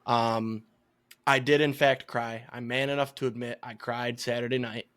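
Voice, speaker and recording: A young man with a Michigan accent co-hosting a sports podcast, telling long rambling stories in casual chat, swearing freely and getting louder as he vents. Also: flat delivery, moderate pace. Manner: rambling storytelling, swears freely, gets louder and higher when worked up. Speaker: podcast co-host.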